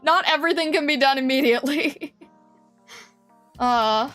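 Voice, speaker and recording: A woman's voice: high-pitched, normal speed, fairly bright tone, faint music behind. A woman streamer chatting casually with her viewers, giggling often and reading their comments aloud in a flustered way. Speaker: game streamer.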